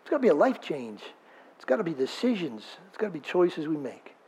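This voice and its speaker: A male pastor delivers a sermon in a somewhat raised, husky voice. He keeps it conversational, firing off rhetorical questions and turning to the congregation with asides. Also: a little high, sing-song, a little fast, darkish tone.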